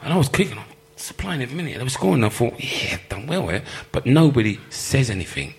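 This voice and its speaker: A former footballer telling lively stories in an interview, laughing often and acting out the people he quotes. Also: medium pitch, quick pace, creaky. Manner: animated storyteller, laughs often, acts out quoted voices. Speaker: former professional footballer, guest. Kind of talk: live storytelling interview.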